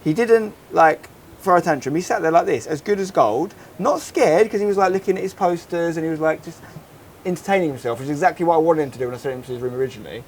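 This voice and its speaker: A man in his thirties, co-hosting a casual podcast and telling a story in an animated, rambling way. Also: on the high side, fast talker, slight background noise. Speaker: podcast co-host. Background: faint outdoor holiday ambience.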